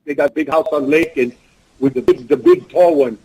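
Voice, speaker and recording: With poor audio and a little hiss or hum, a Russian-accented interview guest tells rambling stories by phone in broken English. His voice is on the high side at normal speed, and he animates the quotes.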